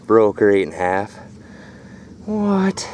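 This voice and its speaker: A man with a somewhat low voice narrates his own phone video outdoors, loose and profane, calling out to viewers as folks and boys. He sometimes sounds winded from hauling heavy junk. Faint outdoor noise sits under the recording. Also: very animated, extremely slow, darkish tone. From Michigan. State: out of breath while hauling. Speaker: scrapping vlogger. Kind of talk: casual vlog narration. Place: outdoors at a rural property.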